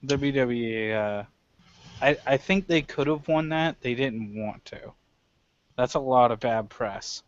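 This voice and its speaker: Deadpan man co-host, lo-fi. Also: mid-range voice, a little slow. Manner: dry, deadpan jokes. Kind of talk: casual chat.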